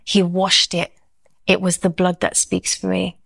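A woman's voice: lowish voice, monotone, a little slow, creaky, a bit bright. A woman giving a personal faith testimony. She tells it expressively and acts out her own inner thoughts as she goes.

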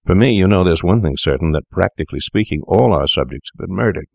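A man's voice: sits low, lively intonation, fast talker, creaky, darkish tone, no echo, studio quality, full character voice. A man voicing a clever, unscrupulous young doctor who speaks coolly and sneers at scruples. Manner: cool, sneering, worldly.

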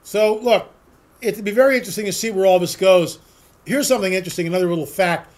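A man's voice: high-pitched, fast talker. A man hosting a solo political commentary monologue. He rambles, asks sarcastic rhetorical questions and repeats words for emphasis.

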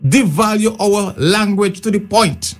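Male panelist, high voice, passionate and argumentative, presses his point. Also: unhurried. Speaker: panel guest. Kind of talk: heated debate.

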